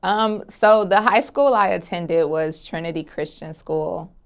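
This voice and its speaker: A young woman from Atlanta, Georgia, sits for a relaxed interview and answers questions easily, laughing often. Her voice is on the low side and a little slow.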